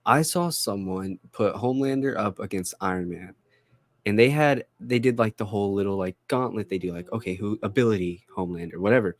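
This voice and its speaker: A man's voice: lowish voice, fairly quick. A young man co-hosting a podcast, chatting about a TV episode in a laid-back, enthusiastic way. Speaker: podcast co-host. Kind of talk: casual review chat.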